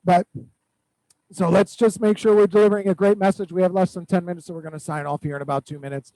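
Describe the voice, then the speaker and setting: A man with a high-pitched voice runs a weekly accountability call for his real estate team. He gives direct instructions and keeps repeating the action items. The sound is dry and close. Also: fast, no room sound, rough recording. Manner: direct, repetitive instructions with animated storytelling.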